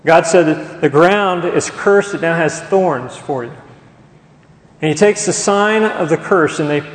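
A man's voice: fairly high pitch, a little slow. A man preaching a sermon as pastor, emphatic and asking the congregation questions as he goes. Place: church sanctuary. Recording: echoey church hall.

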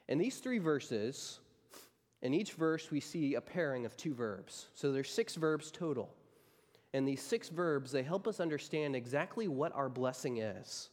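A man's voice: a little high, lively intonation, a little slow, big-room sound. A man preaching a sermon as a pastor, emphatic and driving his points home by repeating key phrases.

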